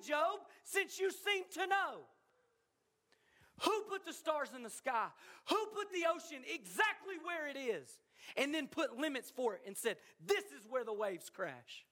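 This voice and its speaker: A man preaching voices an almighty male God, firing challenging questions at a suffering man and rising to shouts. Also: very high-pitched, voice pushed up, exaggerated voice.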